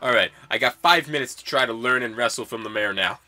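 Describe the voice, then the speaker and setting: A man's voice: mid-range voice, fast, sharp tone, soft background music. A young man casually commenting on a video game in a playful, rambling way. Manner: playful, rambling, chuckling asides. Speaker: let's-play gamer.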